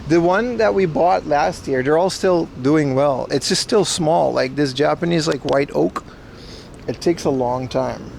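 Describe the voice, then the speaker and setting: A man's voice: on the high side, a little slow, creaky, darkish tone, a little hiss or hum. A man chatting casually with his livestream viewers outdoors, rambling and joking playfully as he browses plants. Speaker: IRL livestreamer. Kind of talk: casual live-stream chat with viewers.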